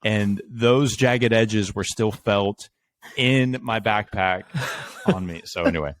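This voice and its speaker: A man's voice: on the low side, slow, no echo, studio quality. A young man hosting a podcast, telling stories casually with laughs and self-mocking humor. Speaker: podcast host.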